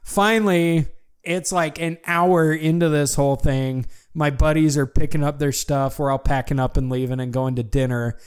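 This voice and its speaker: A young man casually telling a long story to a friend, animated and full of fillers. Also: a little high, normal speed, few pauses, clear, resonant tone. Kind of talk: casual chat.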